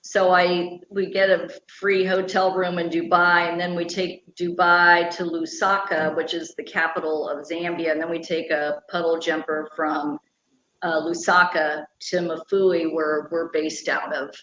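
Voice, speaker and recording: In an echoey room with a faint hum behind her, a middle-aged woman gives a conversational interview about her conservation work, explaining it at length in an earnest, passionate way. She is a radio personality and conservation founder appearing as a guest. Her voice is lowish and a bit bright, with a level tone and a somewhat slow delivery.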